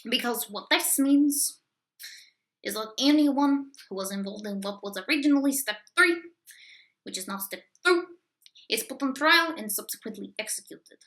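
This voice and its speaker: A woman playing a gloomy, cruel Russian party official in a comedic sketch, with a deadpan, menacing manner and a put-on fake Russian accent. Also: a little high, moderate pace, rough recording.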